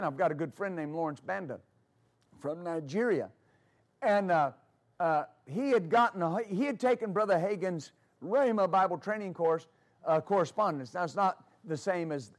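High-voiced man preaching a sermon. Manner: preaching with emphatic repetition; storytelling asides with fillers. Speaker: pastor.

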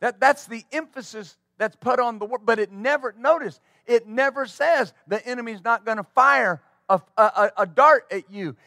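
A man's voice: extremely high pitch, normal speed, hardly any pauses, pushed and bright, no echo, clean studio sound. A male pastor preaching a sermon fervently, with call-and-response asides to the congregation.

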